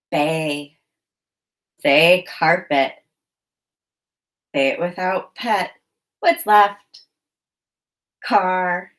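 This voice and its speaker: Speaking in a lowish, fairly bright voice, a female teacher guides kids through phonics. She pronounces each prompt slowly and clearly and offers encouragement along the way.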